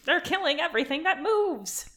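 Lady reading as a young hawk guy, yelling mad, voice jumping all over. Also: fairly high pitch, sing-song, normal speed, heavily acted. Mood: alarmed. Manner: loud, shouting lines. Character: young male hawk boy, tense and angry.

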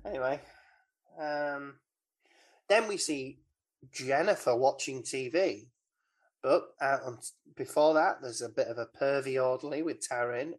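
Podcast co-host, casual film recap, rambling, playful asides, middle-pitched voice. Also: unhurried, long pauses. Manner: rambling, mimics film lines.

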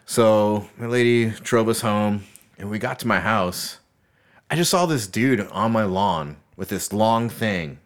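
Laid-back, foul-mouthed podcast co-host, low voice. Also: male voice, lively intonation, measured pace. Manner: profane, laid-back storytelling. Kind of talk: casual podcast chat.

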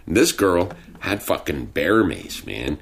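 A young man with a very low voice tells rambling stories in casual chat. He swears freely and talks in a laid-back, unhurried way. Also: big pitch swings, gravelly. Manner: profane, storytelling, laid-back drawl. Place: home studio with sound blankets.

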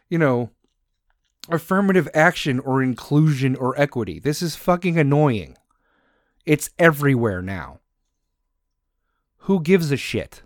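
Man, ranting monologue, sarcastic, swears a lot, animated voice, dry sound. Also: on the high side, measured pace, pauses often, no room sound. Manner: heated, sarcastic, swears constantly; mocks others in put-on voices.

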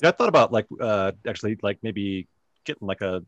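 A man's voice: lowish voice, lively intonation, fairly quick, no room sound. A man co-hosting a casual podcast, talking with many fillers and hesitations. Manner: hesitant, lots of filler words. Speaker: podcast co-host. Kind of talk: casual chat.

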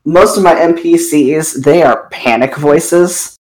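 A man talks on a casual gaming podcast, unsure and hesitant as he explains his characters. He speaks slowly, his voice a little higher than most men's. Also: a little mellow, rough recording. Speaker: podcast co-host. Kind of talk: casual chat.

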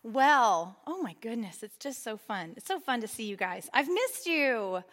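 A middle-aged woman teaching a Bible study with a bright high voice, full of bubbly enthusiasm and playful asides. She speaks to a church group, and her voice rings with a long hall reverb. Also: animated, normal speed. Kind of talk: women's Bible study talk. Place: church meeting room with an audience.

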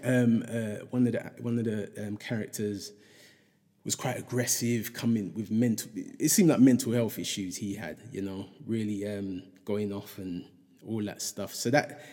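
A man's voice: fairly low pitch, warm tone, big-room sound. A middle-aged man, chatting casually and reflectively, rambling with lots of fillers and restarts. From England.

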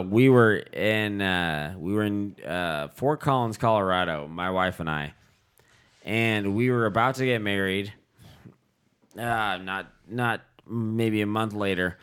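A middle-aged man telling crude stories in casual comedic chat, rambling and deadpan, with mock-dismayed asides. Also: lowish voice, clear, resonant tone.

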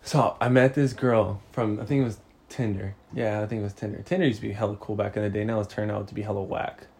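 A man's voice: lowish voice, flat delivery, fast talker, darkish tone. A man in his twenties, a podcast co-host, telling a story in casual slang with lots of swearing and laughter.

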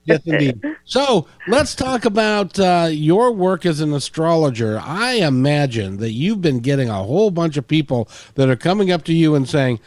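A man's voice: fairly high pitch, lively intonation, moderate pace, few pauses, no room sound. A man from Ireland hosting a radio interview, playful and joking with his guest. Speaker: radio host.

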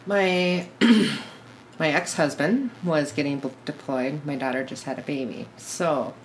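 Woman, middle-aged, low voice, blunt, candid, casual storytelling. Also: slow, slight background noise, rough recording. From born in Korea, raised in Minnesota. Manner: candid, blunt, swears, laughs at herself. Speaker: podcast guest.

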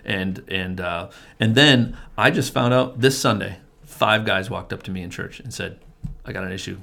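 A middle-aged man with a slightly low voice tells his story in a relaxed, conversational way. He speaks earnestly, as a family pastor who leads men's groups. He often doubles back, restarting sentences and repeating words. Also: normal speed, vocal fry. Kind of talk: casual testimony in conversation.

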